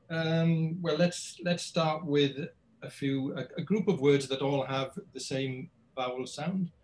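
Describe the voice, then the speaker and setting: A man's voice: fairly high pitch, slight background noise, poor audio. Welsh man explaining like a lecturer. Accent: Welsh English. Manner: explanatory, lecturing, frequent ums and restarts. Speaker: linguist, university reader in English language. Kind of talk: explaining in an academic talk.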